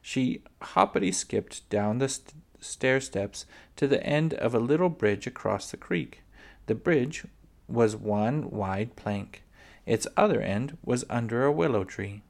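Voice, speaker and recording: A man with a medium-pitched voice reads a children's book aloud at an unhurried pace. He stumbles now and then and restarts words, and sounds like a home reader rather than a studio narrator. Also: expressive, creaky, darkish tone. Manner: unhurried with small slips and restarts.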